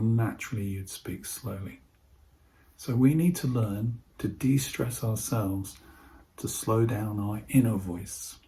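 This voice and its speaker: A man giving an instructional talk on voice techniques, speaking in a calm, measured way and slowing his speech with deliberate pauses. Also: on the low side. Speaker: presenter teaching voice techniques to healthcare staff.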